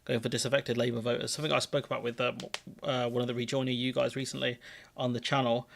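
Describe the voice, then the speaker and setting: A man talks politics in a loose, opinionated way on a live stream. His voice has a gravelly edge, and it sits at an ordinary middle pitch. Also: fast talker, slight background noise. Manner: relaxed, opinionated commentary. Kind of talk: casual political chat.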